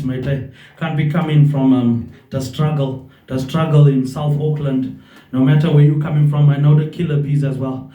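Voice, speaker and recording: A man's voice: a little high, dark tone. A man rambling in a loose monologue, drifting between thoughts and tagging nearly every phrase with a casual "mate". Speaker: vlogger. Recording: distant roomy dull recording.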